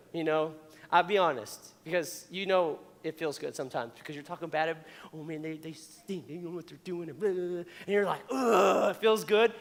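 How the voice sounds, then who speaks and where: A man preaching to a youth group in a church, chatty and animated, playfully acting out people who complain. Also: sits high, big-room sound. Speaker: youth pastor. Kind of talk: youth sermon. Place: church auditorium.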